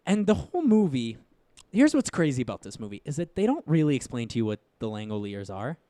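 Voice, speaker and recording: A young man co-hosting a casual movie review podcast, animated and swearing freely as he mocks scenes. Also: medium pitch, fast talker, no echo. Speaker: podcast co-host.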